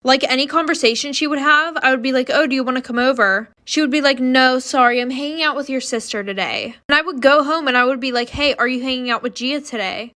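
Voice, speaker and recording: Bright high-voiced young woman storyteller. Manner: chatty, filler-heavy with lots of "like". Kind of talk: casual storytime narration.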